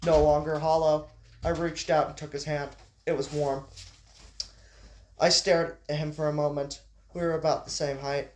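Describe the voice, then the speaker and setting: A man's voice: on the high side, flat delivery, moderate pace, long pauses, darkish tone. A man reading his story aloud in an amateur style, stumbling and restarting, with casual asides. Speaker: narrator.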